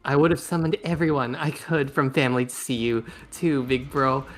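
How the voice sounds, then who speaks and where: A woman's voice: extremely low pitch, normal speed, faint music behind. A woman voicing a chipper, clingy young valley-girl woman in a casual group reading of game dialogue. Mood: fawning. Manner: bubbly, fawning.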